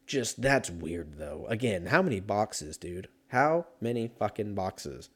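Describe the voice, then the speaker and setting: A man's voice: on the low side, sing-song, measured pace, a bit bright, slightly rough. A man talking casually on his own, rambling and joking with plenty of swearing. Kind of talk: casual solo chat.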